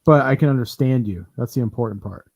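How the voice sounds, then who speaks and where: A man's voice: medium pitch, fast, gravelly, a little mellow, slight background noise. A man hosting a casual talk show, chatting loosely with many fillers and restarts. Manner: rambling, lots of fillers and restarts. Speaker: podcast host. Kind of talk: casual chat.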